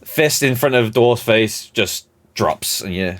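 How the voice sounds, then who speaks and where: A man narrating as game master in an animated, rambling storytelling manner. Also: mid-range voice, takes it slowly.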